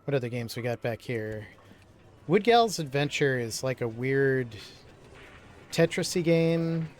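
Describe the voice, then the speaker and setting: A man's voice: medium pitch, expressive, measured pace. A man casually chatting and rambling while he plays video games for his channel, with lots of fillers. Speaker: gaming streamer. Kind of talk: casual let's-play commentary.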